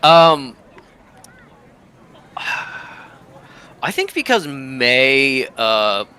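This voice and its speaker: Male game master, halting delivery, slow and bright. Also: medium pitch, big pitch swings, clear, resonant tone. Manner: halting, full of fillers. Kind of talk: narrating a tabletop game.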